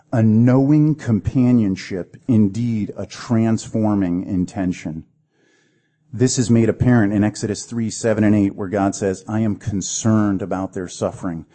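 Guy preaching a sermon, low warm voice, gets dramatic. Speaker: pastor.

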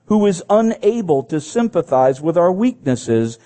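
A man's voice: sits high, sing-song, unhurried, mellow. A man preaching a sermon. He reads scripture aloud and breaks in with his own comments, repeating phrases as he goes.

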